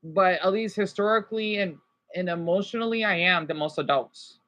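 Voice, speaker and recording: A fairly low, fairly bright female voice at a moderate pace carries this rambling livestream rant. The speaker, an American-accented woman from Arizona on a basic home setup, presses her points emphatically with one "okay?" after another.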